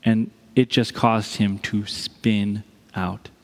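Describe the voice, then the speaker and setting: A man's voice: fairly low pitch, flat delivery, slow pace, darkish tone, long reverb tail. A male pastor delivering a conversational sermon, telling a story and acting out the voices of the people in it.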